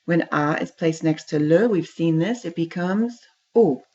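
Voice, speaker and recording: A woman teaches a French class at an unhurried pace. Her voice sits low and she walks students through each phrase with patience. The recording sounds dull and lo-fi. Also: mellow. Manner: slow, patient, repeats French phrases and translates them. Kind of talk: classroom language lesson.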